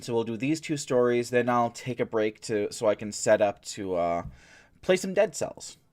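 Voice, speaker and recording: A man with a plain mid-pitched voice works through news articles on his own stream. He reads in an unhurried, halting way with plenty of fillers, then stops for deadpan, sarcastic asides. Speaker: streamer and host. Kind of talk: reading and commenting on news.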